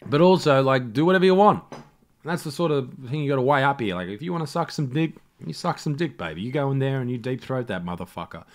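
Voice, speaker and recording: A man's voice: mid-range voice, sing-song, fast talker. An Australian man hosting a solo comedy podcast, rambling and swearing constantly, laughing at his own stories. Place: home setup in self-isolation.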